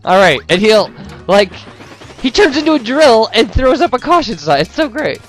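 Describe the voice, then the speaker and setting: A man's voice: extremely high pitch, big pitch swings, normal speed, soft background music. A young man giving casual, rambling gameplay commentary, full of "um"s and joking asides. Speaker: let's player.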